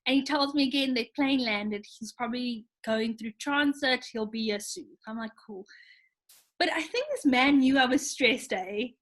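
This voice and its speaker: A woman's voice: a little high, normal speed. A young woman from South Africa co-hosting a podcast, telling a travel story in casual chat and acting out the dialogue. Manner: animated, acts out quoted dialogue. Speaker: podcast co-host.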